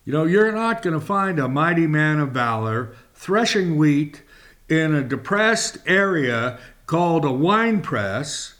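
Slow dramatic male preacher. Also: a little high, animated, a bit bright. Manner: dramatic, swooping emphasis, drops to a whisper; slow and deliberate. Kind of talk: sermon reading and expounding scripture.

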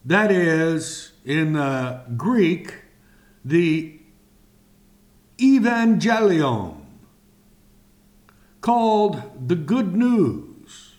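Male Bible teacher, slightly high voice, extremely slow and deliberate delivery. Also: big pitch swings, darkish tone. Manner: very slow, drawn-out phrasing with long pauses.

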